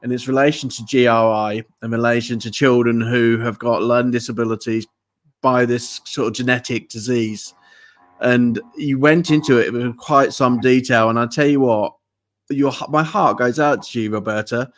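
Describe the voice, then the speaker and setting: A man's voice: mid-range voice, steady tone, moderate pace. A man hosting an online music show, chatting with a guest and praising the performance with enthusiasm. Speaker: show host. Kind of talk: casual interview chat.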